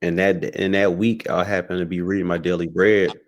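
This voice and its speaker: A man's voice: low voice, flat delivery, fairly quick. A man talking as a podcast guest, telling a personal story in a reflective way with many restarts. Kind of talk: casual conversation.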